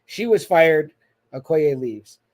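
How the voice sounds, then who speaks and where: A man co-hosting a podcast, reviewing a film in animated, profane casual chat and acting out scenes in quoted voices. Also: fairly high pitch, takes it slowly. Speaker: podcast co-host.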